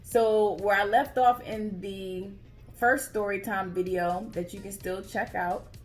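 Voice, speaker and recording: A woman talks straight to her viewers and tells her own story. She is chatty and expressive, and she keeps calling them y'all. Her voice sits at an average pitch, with soft music playing faintly behind her. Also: measured pace. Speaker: vlogger telling her story. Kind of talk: casual storytelling to camera.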